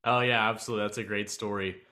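A man hosts an interview and asks his questions casually, with fillers along the way. His voice sits low, but its tone comes across bright and forceful. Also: steady tone, fast. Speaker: interview host.

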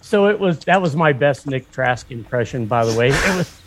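A motorcycle shop owner from northwestern Pennsylvania, telling a story in casual chat, rambling and profane with lots of fillers and restarts. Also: male voice, medium pitch, animated, moderate pace, background noise.

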